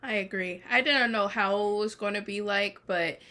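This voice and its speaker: A woman guest on a casual TV review chat with her sister, giving relaxed, thoughtful comments. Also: medium pitch, normal speed. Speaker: guest, host's younger sister.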